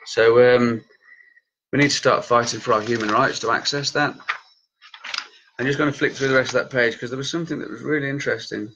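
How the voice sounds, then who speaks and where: A man's voice: medium pitch, fairly even intonation, a little fast, background noise. A man in his late thirties, a campaigner talking straight to his viewers in heated, passionate vlog commentary. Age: late 30s. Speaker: cannabis campaigner and group leader. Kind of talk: vlog commentary reacting to news.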